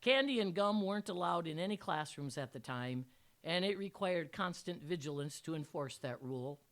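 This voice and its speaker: A woman's voice: fairly low pitch, animated, normal speed. An older woman, a retired teacher, reading a personal story aloud with dry, wry humor. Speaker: retired teacher telling a memoir.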